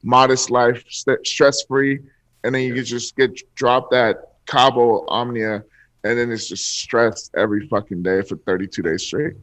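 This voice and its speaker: A man's voice: medium pitch, fairly even intonation, unhurried, fairly bright tone, no echo. A man co-hosting a podcast, summing up the guest's story in casual chat. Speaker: podcast co-host.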